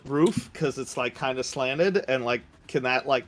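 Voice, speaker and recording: Slow, hesitant male player. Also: mid-range voice.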